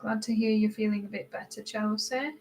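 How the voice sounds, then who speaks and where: A woman from Britain hosting a casual live stream while she colors, greeting viewers by name and answering their comments, her voice often drifting quieter as she concentrates. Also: mid-range voice, steady tone, fairly quick, slight background noise, rough recording. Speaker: livestream host.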